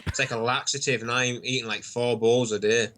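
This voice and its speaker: A man with an English accent, calling in to a comedy podcast and telling stories in a casual, swearing, animated way. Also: mid-range voice, fairly quick, slight background noise. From England. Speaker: caller.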